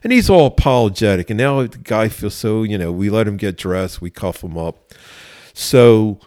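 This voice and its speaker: A man's voice: on the low side, expressive, moderate pace, darkish tone, dry recording, studio quality. A man, a police officer, telling an anecdote in a casual interview, with fillers and laughter. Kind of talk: casual storytelling.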